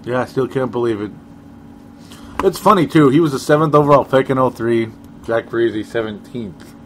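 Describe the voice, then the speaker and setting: A man's voice: mid-range voice, normal speed, a little hiss or hum. A man co-hosting a sports talk show, rambling casually with chuckles and sarcastic asides.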